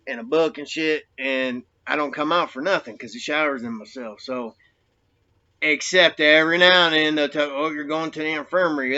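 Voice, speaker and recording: A man's voice: mid-range voice, pushed and bright, muffled recording. A man casually telling a rambling, profane story about his time in prison, full of street slang.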